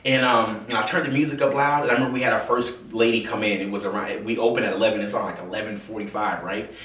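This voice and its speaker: A man from the American South telling his own story in a casual, animated way, full of fillers and acted-out quotes. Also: on the low side, fast. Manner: animated, acts out quoted voices, many fillers. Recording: roomy, from a distance.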